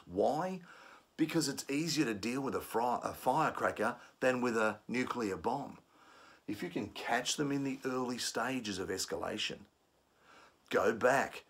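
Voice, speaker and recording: A man's voice: on the low side, fairly bright tone, slightly rough. A man giving a conflict management lesson, explaining steps and acting out angry commuters. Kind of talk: instructional talk.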